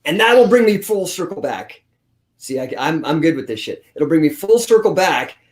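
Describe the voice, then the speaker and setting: A man's voice: on the high side, normal speed. A man in his forties, a guest telling blunt, profanity-laced stories in a casual interview. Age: 40s. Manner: profane, blunt, animated storyteller. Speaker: guest, grappling coach. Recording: roomy echo.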